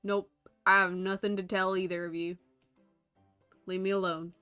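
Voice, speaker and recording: Lady putting on a cranky southern echidna dude, bright tone, faint music behind. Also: medium pitch, level tone, normal speed, clean tone, close to an everyday voice. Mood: grumpy. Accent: put-on Southern drawl. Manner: curt, drawling cowboy talk. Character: gruff male red echidna, grumpy loner. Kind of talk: reading game dialogue aloud.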